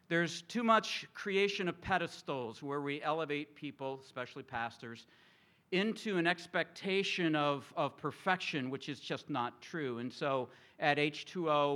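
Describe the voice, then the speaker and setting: A middle-aged male pastor delivering a sermon to his congregation, asking them questions and drawing them in. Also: mid-range voice. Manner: animated, engages congregation with questions. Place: church sanctuary with congregation.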